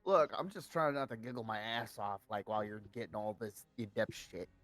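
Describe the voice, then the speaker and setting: A man's voice: fairly low pitch, lively intonation, brisk, fairly bright tone, dry recording. A man playing a tabletop game, talking offhand and swearing freely. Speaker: player. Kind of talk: casual chat.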